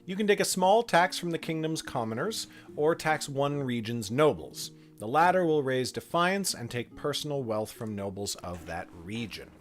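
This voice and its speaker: Relaxed man narrating a game stream. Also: medium pitch, normal speed, few pauses, faint music behind. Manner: relaxed, reads game text aloud, chats to viewers. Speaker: streamer running a game for chat. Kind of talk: casual live-stream narration.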